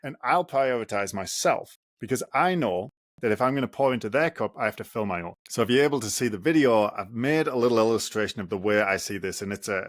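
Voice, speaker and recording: A man with a mid-range voice talks through a solo podcast in a sincere, reflective way. He builds his points in short, measured phrases. The sound is close and very dry. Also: mid-range voice, dry recording. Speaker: podcast host and running coach.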